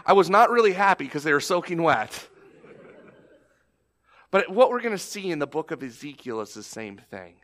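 A man in his thirties preaching a sermon in a lively, conversational way, telling a family story with quick restarts. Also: fairly high pitch. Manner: animated, conversational, repeats starts. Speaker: pastor.

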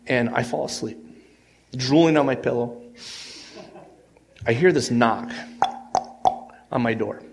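Male pastor, mid-pitch, conversational sermon, earnest storytelling, halting restarts, rises and drops in volume. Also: vocal fry. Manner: earnest storytelling with frequent restarts and swings in loudness.

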